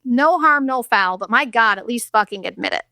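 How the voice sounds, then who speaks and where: A woman's voice: on the high side, lively intonation, normal speed, sharp tone, no room sound, studio quality. A woman in her thirties hosting her own show, telling a personal story bluntly, with profanity and acted-out quotes. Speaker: podcast host. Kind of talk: candid storytelling monologue.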